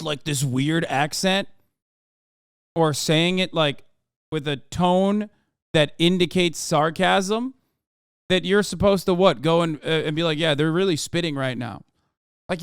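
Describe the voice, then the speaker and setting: A man riffing sarcastically over news footage, rambling through absurd hypotheticals. His voice sits high and sounds smooth and clean. The sound is dry, with no room around it. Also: dry recording. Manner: sarcastic, rambling, builds to shouting. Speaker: streamer reacting to news clips. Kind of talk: casual sarcastic commentary.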